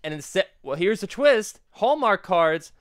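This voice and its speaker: A young man in casual comic chat, arguing and swearing in a lively way. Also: high-pitched, a little slow, smooth, dry recording, clean studio sound. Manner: animated, swearing, argumentative.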